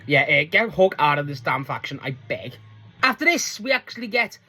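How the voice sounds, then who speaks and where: A man giving a casual, rambling solo review recap, full of likes and ums, casual swearing, and bursts of pitch when he acts out quotes. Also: sing-song, moderate pace, sharp tone, husky, soft background music. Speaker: show reviewer.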